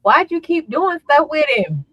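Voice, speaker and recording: A woman's voice: sits high, big pitch swings, measured pace, a bit bright, lo-fi sound. A woman co-hosting a live talk show, chatting casually and teasing the host with dry comebacks. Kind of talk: casual chat.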